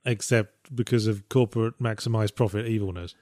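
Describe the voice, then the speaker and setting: An English man with an English accent, co-hosting a casual podcast and spinning absurd stories deadpan. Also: fairly low pitch, fairly quick, no room sound, clean studio sound. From England. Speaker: podcast co-host. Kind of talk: casual chat.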